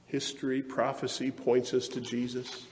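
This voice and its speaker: A man's voice: mid-range voice, completely flat delivery, moderate pace, long reverb tail, a little hiss or hum. A man pastor preaching a sermon in an earnest, emphatic way that rises into fervent passages.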